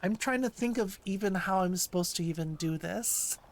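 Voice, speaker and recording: A woman's voice: medium pitch, normal speed. A woman hosting a casual language-learning livestream, talking in a playful, rambling way. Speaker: host of a language-learning stream.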